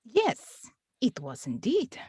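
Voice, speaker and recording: Una mujer interpreta a una secretaria de consejo parroquial, educada y firme, con un acento ruso exagerado a propósito. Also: female voice, a little high, wildly swooping pitch, slow, a little mellow, husky, dry recording, voice pushed up, heavily acted. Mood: firm. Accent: deliberately bad Russian accent. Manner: polite, procedural, firm. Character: prim female parish clerk, calm and unyielding. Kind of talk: comic re-enactment.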